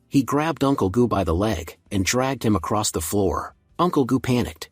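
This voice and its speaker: A man narrates a story recap in a husky voice that stays steady and even. The sound is dry and close, with soft music behind him. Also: mid-range voice, normal speed, few pauses, dry recording.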